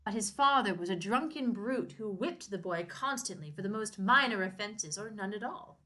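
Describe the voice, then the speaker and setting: A woman co-host reading a novel aloud and joking about it, animated and quick to laugh. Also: mid-range voice. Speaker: podcast co-host.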